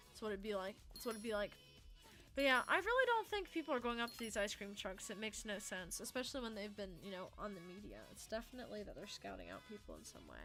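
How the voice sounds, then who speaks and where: Her mid-range voice has a fairly bright tone as she chats through a game stream. About eighteen, she rambles loosely, curses without holding back, and responds to her chat.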